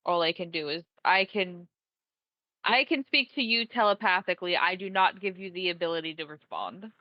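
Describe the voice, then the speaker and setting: A woman's voice: fairly low pitch, normal speed, no room sound. Woman player on a dull dry mic. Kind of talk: tabletop role-play chat.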